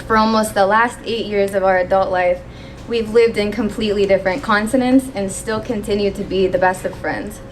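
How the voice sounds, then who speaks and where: Emotional young maid of honor toasting. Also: female voice, mid-range voice, a little hiss or hum. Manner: emotional, pausing to steady herself. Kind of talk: wedding toast read from a phone. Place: wedding reception hall.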